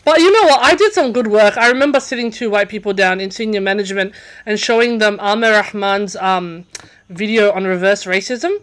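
A woman's voice: mid-range voice, fairly quick. Young woman, casual storytelling, chatty, full of fillers and restarts. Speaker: podcast guest.

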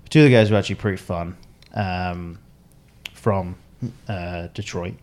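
Young male podcast co-host, lowish voice, rambling and giggly storyteller. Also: steady tone, moderate pace, darkish tone, slight background noise. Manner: rambling, laughs often, acts out quotes. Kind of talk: casual storytelling chat.

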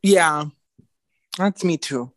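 A man's voice: fairly high pitch, very slow, fairly bright tone. A man co-hosting a podcast, gossiping in a sassy, casual way. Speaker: podcast co-host. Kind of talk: casual chat.

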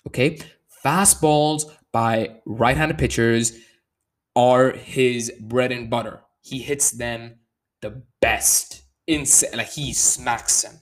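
A man talking through baseball stats in a casual commentary. He gets animated and worked up, leaning hard on the numbers. His pace runs in fast and slow bursts, and he often restarts his sentences. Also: mid-range voice. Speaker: baseball analyst.

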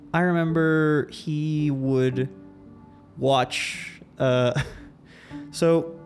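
Guy on a podcast telling a story about his grandpa, middle pitch, rambly and thoughtful, faint music behind. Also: a little mellow. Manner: reflective, loose, with fillers and restarts. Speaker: podcast host. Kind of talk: casual storytelling.

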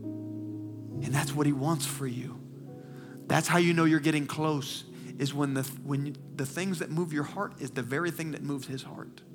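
A male pastor preaching a sermon, swinging from loud, impassioned declarations to hushed, near-whispered confessions while holding back tears. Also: a little high, fairly even intonation, normal speed, over music.

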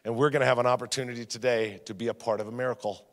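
A man preaching a sermon as a guest pastor, with repeated refrains and storytelling, jumping from loud punchy emphasis to quiet, low-spoken lines. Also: rapid-fire. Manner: energetic preaching, swings between loud emphasis and quiet drops. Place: church sanctuary. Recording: long reverb of a church hall.

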